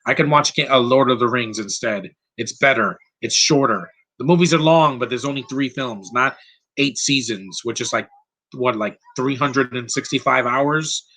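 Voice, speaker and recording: A man's voice: mid-range voice, moderate pace, bright, forceful tone. A man giving casual live commentary over a movie, blunt and rambling, going off on tangents.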